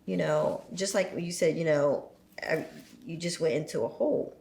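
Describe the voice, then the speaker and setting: A woman's voice: sits low, steady tone, moderate pace, gravelly, a little mellow. A woman speaking reflectively as a podcast guest, thoughtful and full of "you know" fillers. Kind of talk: reflective conversational talk. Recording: echoey room, faint noise.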